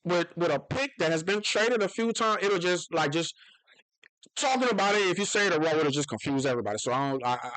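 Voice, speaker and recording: A young man talking through football on his own in a loose, rambling way. He keeps restarting sentences, and now and then his voice jumps way up with excitement. His voice sits a little high for a man, and the room sounds close and dry. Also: dry recording, rough recording. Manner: rambling, self-interrupting, excitable with sudden high outbursts. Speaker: football channel host. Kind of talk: casual solo commentary.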